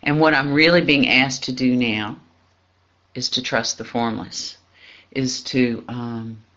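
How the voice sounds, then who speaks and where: Guy doing a slow spiritual reflection, lots of pauses and little laughs, muffled lo-fi sound. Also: medium pitch, fairly even intonation. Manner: halting, searching, with soft laughs and frequent pauses. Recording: dull lo-fi recording.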